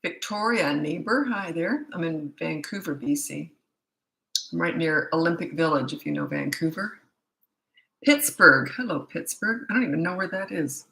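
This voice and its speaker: A woman's voice: sits low, normal speed, creaky, bright, forceful tone, roomy sound, low-quality recording. Tired woman chatting on a live stream. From Canada. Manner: chatty, rambling, many ums. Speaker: parenting coach.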